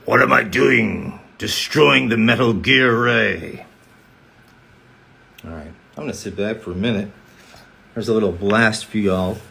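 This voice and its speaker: A man's voice: on the low side, creaky, pushed and bright, breathy edge. A man chatting casually on a live stream, reading fan comments aloud and answering them one by one. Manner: reads comments aloud, answers chattily, breaks into quick character voices. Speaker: voice actor hosting a live fan Q&A.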